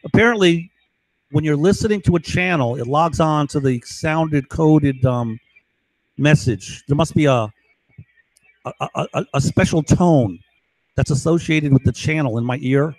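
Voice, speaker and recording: Man, slightly high voice, urgent emphatic rambling monologue, dry room. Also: measured pace, no room sound, low-quality recording. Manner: urgent and emphatic, repeats himself. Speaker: vlogger.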